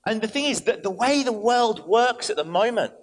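A man, a vicar, preaching an animated sermon in church, telling stories and switching in and out of quoted voices. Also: sits high, normal speed.

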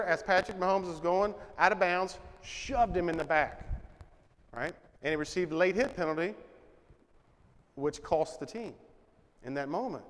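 A pastor with a high voice delivers a sermon in a reverberant hall, preaching emphatically yet conversationally and posing rhetorical questions.

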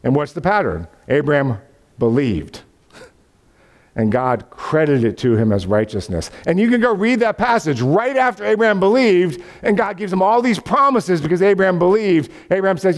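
A man's voice: high-pitched, moderate pace. A man preaching a sermon, telling a story with animation and acting out voices of the people in it. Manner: animated storytelling, acts out voices of God and Abraham, laughs. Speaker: pastor.

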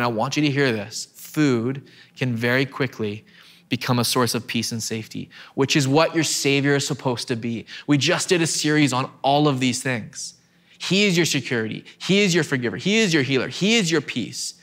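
A man's voice: mid-range voice, fairly bright tone. A man in his thirties preaches from a church stage. He keeps it conversational and self-deprecating, often doubling back on his words as he restarts a thought. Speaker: pastor. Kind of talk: sermon.

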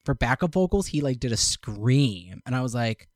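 A man in his thirties hosting a podcast in casual chat, rambling and animated, often restarting his sentences. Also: mid-range voice, normal speed, dry recording, clean studio sound. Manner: rambling, animated, self-correcting. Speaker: podcast host.

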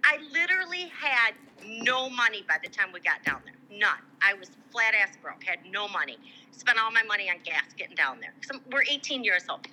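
A woman's voice: mid-range voice, a little fast, slight background noise, poor audio. A middle-aged woman from Michigan telling a long personal story in casual chat, acting out the voices of people she quotes. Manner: animated, acts out quoted voices. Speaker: guest.

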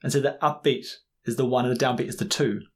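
A man's voice: medium pitch, fast talker. A man co-hosting a casual chat about music and dance, explaining in a loose, restarting way. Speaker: podcast co-host.

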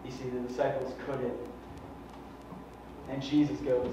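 A man's voice: medium pitch, level tone, measured pace, pauses often, dark tone. A man pastor preaching a sermon, fervent and conversational, with many rhetorical questions. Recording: echoey hall from far off, dull and faintly noisy.

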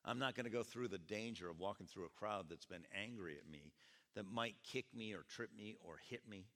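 A man preacher voicing an imagined blind male beggar, speaking in quiet, resigned tones inside a reverberant hall. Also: fairly low pitch, brisk, pitched below the performer's own voice.

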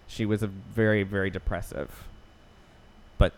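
A man's voice: lowish voice, fairly even intonation, a little slow, a little hiss or hum. A man co-hosting a podcast, casually recapping a film plot in a loose, profane way with many restarts. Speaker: podcast co-host.

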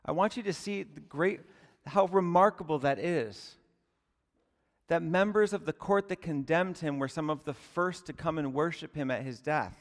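A man's voice: a little high, normal speed, big-room sound. A male pastor delivering a sermon, conversational and earnest, often asking the congregation rhetorical questions.

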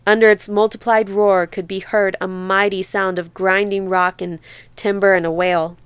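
A woman narrating a novel in a measured, vivid literary reading into a close studio mic. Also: mid-range voice, flat delivery, clear, resonant tone, no echo. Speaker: audiobook narrator. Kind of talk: scripted narration.

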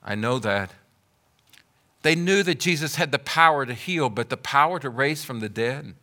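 A male pastor preaching a sermon with emphatic, rhythmic repetition that builds to loud declarations. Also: fairly high pitch, normal speed.

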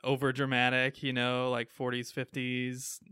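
A man's voice: medium pitch, completely flat delivery, measured pace, sharp tone, clear, resonant tone, no room sound, clean studio sound. A man with a Midwestern American accent co-hosting a casual chat about comic books. He talks enthusiastically, with frequent fillers and laughs. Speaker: podcast co-host.

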